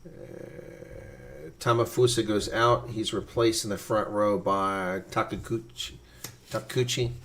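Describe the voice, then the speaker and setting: A man giving live reaction play-by-play commentary, excitable and blunt, his voice climbing sharply during big plays. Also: on the low side, takes it slowly, slight background noise. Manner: blunt and opinionated.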